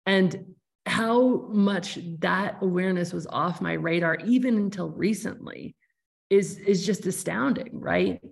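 A woman's voice: medium pitch, unhurried, gravelly. A woman hosting a podcast interview, talking in a thoughtful, searching way with frequent restarts. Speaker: podcast host. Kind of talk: reflective conversational interview.

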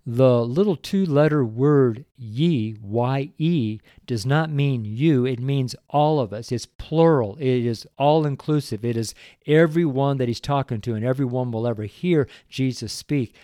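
A man preaching a devotional sermon and praying, earnest and openly emotional, with slow, deliberate emphasis. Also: mid-range voice, dark tone, no room sound, studio quality. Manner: earnest, emotional, tearful at times.

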